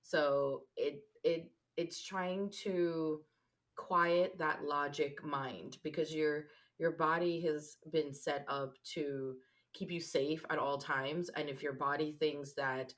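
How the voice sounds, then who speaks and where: A woman's voice: low voice, fairly even intonation, takes it slowly. A woman co-hosting a podcast, talking reflectively in a casual conversation with many fillers. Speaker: podcast co-host.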